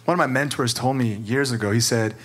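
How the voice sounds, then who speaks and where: Speaking quickly in a mid-range, fairly bright voice, this pastor opens up with earnest emotion. "Like" turns up constantly as a filler in his candid sharing.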